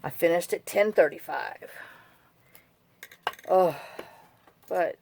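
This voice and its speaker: A woman's voice: on the low side, takes it slowly, vocal fry, darkish tone. A woman chatting casually as she makes a journal, rambling through stories and complaints. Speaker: journal-making craft vlogger. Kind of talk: casual chat while crafting.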